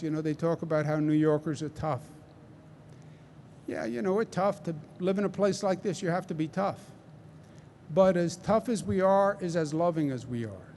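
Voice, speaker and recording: A man with a Queens New York accent giving a press briefing as a government official, speaking deliberately and emphatically with rhetorical check-ins. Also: high-pitched, a little mellow, a little hiss or hum. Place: large indoor site with construction behind him.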